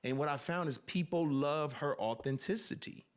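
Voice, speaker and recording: A man on a podcast earnestly reflects on authenticity and tells personal stories in an animated way. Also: on the high side, normal speed. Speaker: podcast guest. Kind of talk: reflective storytelling.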